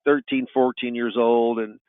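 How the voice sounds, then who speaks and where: A man's voice: mid-range voice, little pitch movement, unhurried, smooth, no room sound. A middle-aged man talks through sales tactics in a folksy, anecdotal way, leaning on the same stock phrases again and again. His voice comes through thin and tinny, like a phone line. There is no room sound around it. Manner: folksy storyteller, repeats "you know what". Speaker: sales coach. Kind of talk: webinar talk with client anecdotes.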